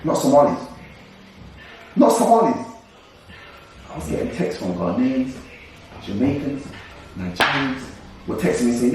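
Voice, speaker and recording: A young man, co-hosting a casual discussion podcast in an animated, ranting way with frequent laughs. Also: medium pitch, moderate pace, long pauses, far from the mic, slight background noise. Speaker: co-host. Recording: echoey room, voice away from mic.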